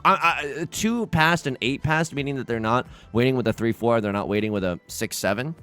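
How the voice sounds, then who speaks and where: A man's voice: medium pitch, vocal fry, fairly bright tone. A young man giving casual live commentary over his own gameplay, self-mocking and prone to stammered restarts. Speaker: gaming YouTuber.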